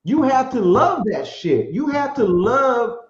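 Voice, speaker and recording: A man's voice: very high voice, very animated, slow pace. A man hosting a podcast, reflecting on discipline and persistence in a casual, motivational way. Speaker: podcast host. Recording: echoey, dull remote call audio.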